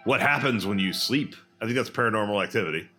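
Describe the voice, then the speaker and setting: A man co-hosting a podcast in casual chat, running a quiz and sometimes rattling off words fast. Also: lowish voice, soft background music. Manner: lively, quizzing, sometimes rapid. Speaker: podcast co-host.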